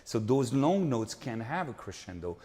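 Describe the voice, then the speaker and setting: Earnest conductor coaching singers in a hall. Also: male voice, medium pitch, big pitch swings, moderate pace. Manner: earnest, repetitive coaching with frequent tag questions. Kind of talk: master class coaching. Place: concert hall. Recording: hall reverb with faint background noise.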